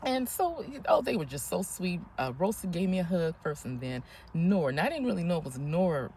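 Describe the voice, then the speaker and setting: A woman in her fifties telling a story in a casual, animated vlog, often breathless and laughing as she talks. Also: fairly low pitch, brisk, slight background noise. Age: 50s. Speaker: vlogger.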